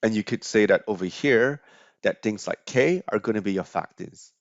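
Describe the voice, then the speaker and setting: Low-voiced man giving a finance lecture. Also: lively intonation, normal speed, no echo. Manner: explanatory, frequent fillers and restarts. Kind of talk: recorded slide lecture. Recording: dry, slightly dull lo-fi audio.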